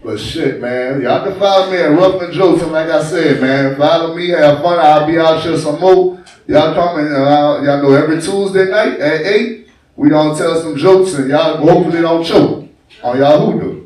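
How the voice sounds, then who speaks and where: A young stand-up comic from New Orleans, crude and swaggering, with a high voice and his own accent. He is recorded live in a bar from a distance, so the sound booms back off the room. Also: normal speed, a little mellow, very echoey. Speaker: stand-up comedian. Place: bar stage.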